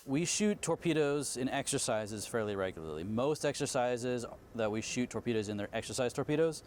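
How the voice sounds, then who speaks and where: A man in interview explaining technical work in a plain, matter-of-fact tone, mid-pitched. Recorded aboard a submarine with faint background hum. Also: lively intonation, fairly quick. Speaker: Navy torpedo man, chief petty officer. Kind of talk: interview answers.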